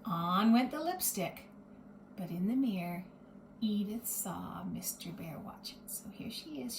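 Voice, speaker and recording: A woman reading a picture book aloud to children, pausing gently to explain and ask questions. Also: medium pitch, reverberant, slight background noise. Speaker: storyteller.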